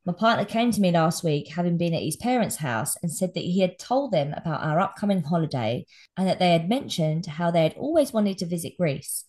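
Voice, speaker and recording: Animated woman, lowish voice. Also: brisk. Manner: animated, swears, reads listener letters. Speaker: podcast co-host. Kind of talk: casual chat.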